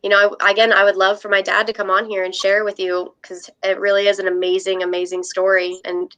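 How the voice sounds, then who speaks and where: A woman's voice: medium pitch, completely flat delivery, brisk, sharp tone, clean tone, rough recording. A young woman speaking as a guest in a casual interview, earnest and emotional, with small laughs.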